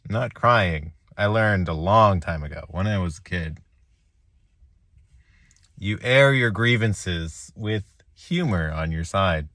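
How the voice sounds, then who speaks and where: A man talking to his viewers after a lost chess game, joking at his own expense with halting restarts and small laughs. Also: on the low side, sharp tone, no echo, studio quality. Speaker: chess vlogger. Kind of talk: rambling self-deprecating reflection.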